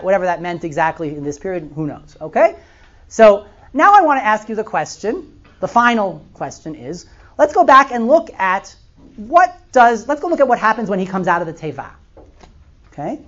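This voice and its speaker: A middle-aged woman giving a classroom lecture, firing questions at her students and checking in with "right?" and "okay?" again and again. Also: medium pitch. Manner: animated, asks the class many questions, frequent "right?" and "okay?". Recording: slightly dull, lo-fi classroom recording.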